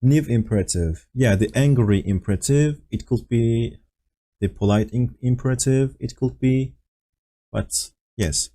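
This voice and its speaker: A man's voice: medium pitch, measured pace, mellow. A man teaching a language lesson over an online voice call, explaining patiently with fillers and acting out example phrases. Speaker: Turkish teacher. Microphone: voice call on Discord.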